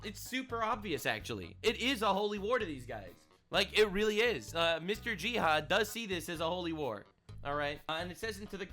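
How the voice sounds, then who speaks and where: A man's voice: sits high, bright, forceful tone. A man giving casual reaction commentary, sarcastic and indignant, often repeating his phrases. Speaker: online commentator.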